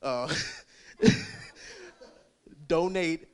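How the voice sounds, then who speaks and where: A man's voice: a little high, drawn-out words, darkish tone, smooth. A young man doing rambling, crude stand-up at an open mic, laughing at his own jokes. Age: young adult. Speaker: stand-up comic.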